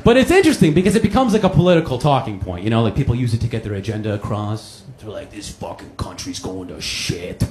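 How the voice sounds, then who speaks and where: A man's voice: medium pitch, racing, few pauses. A man from the United States, doing a profane, mocking stand-up comedy set in a comedy club. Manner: profane, animated, mocking delivery. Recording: crowd laughter, noisy club. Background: audience laughter.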